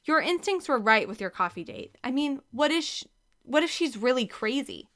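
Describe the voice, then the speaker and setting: A woman voicing Eddie, a brash, scheming man who talks in a pushy, excitable way. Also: high voice, normal speed, pitched above the performer's own voice.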